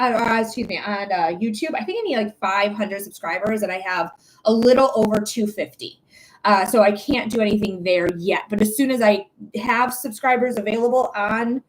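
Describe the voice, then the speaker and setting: On a rough recording, a fairly high-voiced psychic reader from the United States runs a live stream, casually chatting and welcoming viewers by name again and again.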